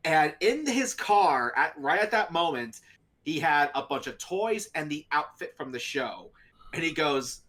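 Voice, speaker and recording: A man's voice: a little high, very animated, normal speed, fairly bright tone. Brief: young male podcast co-host, rambling storyteller, full of fillers, laughs often. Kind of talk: casual storytelling chat.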